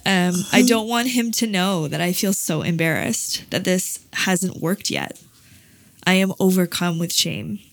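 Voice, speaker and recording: Low, gravelly-voiced woman sharing openly. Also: lively intonation, unhurried, no echo. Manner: open, confessional, with many "like" fillers. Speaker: podcast co-host. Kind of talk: candid casual chat, reading her journal aloud.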